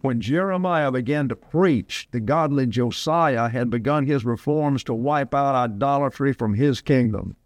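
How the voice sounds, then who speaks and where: With a medium-pitched voice, a little slow and with few pauses, an Alabama pastor in his eighties delivers a folksy sermon that wanders through digressive stories. The recording has no echo.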